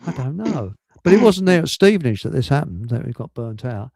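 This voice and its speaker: An older man with a gravelly, somewhat high voice that swoops up and down as he tells jokes. He rambles, chuckles, and reads chat aloud. The sound is dry and close. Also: very animated, brisk, darkish tone, no room sound. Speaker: livestream host. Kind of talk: casual chat telling jokes.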